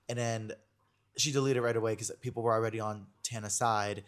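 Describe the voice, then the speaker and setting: A man's voice: medium pitch, little pitch movement, fairly quick. A young man hosting a podcast in casual chat, rambling and packing his speech with fillers and online slang. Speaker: podcast host.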